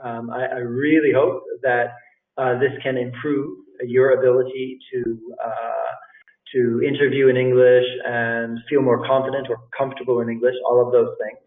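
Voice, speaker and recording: A man's voice: medium pitch, level tone, normal speed. Man teaching, echoey distant phone-like sound. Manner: casual, repeats phrases, calls listeners "guys". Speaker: English teacher and language school director. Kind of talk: live talk on job interview tips.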